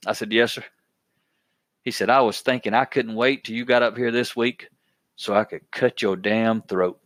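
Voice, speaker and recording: A man's voice: fairly low pitch, fairly bright tone, no room sound. A man hosting a podcast, telling a workplace story in a plainspoken, folksy way, often repeating his words as he goes. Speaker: podcast host.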